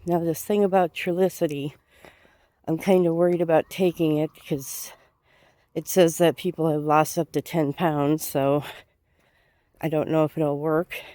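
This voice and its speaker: A woman's voice: sits low, steady tone, measured pace, no echo. A woman vlogging while walking outdoors, out of breath and with a cold, chatting in a rambling, easygoing way. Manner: chatty, rambling, laughs softly. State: has a cold. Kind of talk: casual vlog chat while walking. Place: outdoors on a sidewalk.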